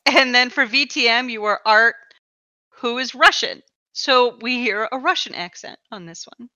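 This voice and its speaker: Woman host, bright voice, chatty and repeating herself, dull dry recording. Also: fairly high pitch, moderate pace, dry recording. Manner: chatty, repeats words and laughs often. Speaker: podcast host. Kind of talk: casual chat. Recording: dull, slightly lo-fi dry sound.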